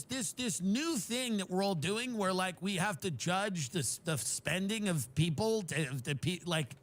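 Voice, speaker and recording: A man's voice: sits high, a bit bright. A man delivering an exasperated, sarcastic comedic rant, acting out others' voices in mocking asides.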